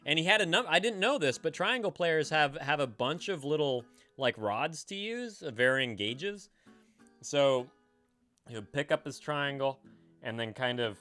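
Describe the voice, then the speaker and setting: A man's voice: a little high, animated, a little slow, pushed and bright, soft background music. A man hosting a live stream, chatting casually with his viewers, swearing freely and laughing often. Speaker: livestream host.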